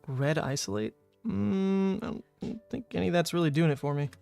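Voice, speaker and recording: A man's voice: a little high, moderate pace, gravelly, a little mellow, clear, resonant tone, soft background music. A young man from New Orleans, streaming a card game and chatting casually with viewers as he thinks through his plays aloud. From New Orleans, Louisiana, USA. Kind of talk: casual live-stream commentary.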